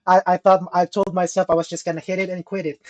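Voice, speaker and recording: A young man on a casual podcast, telling an animated story. He laughs often and swears freely. His voice sits mid-range for a speaker like him. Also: high voice. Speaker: podcast co-host.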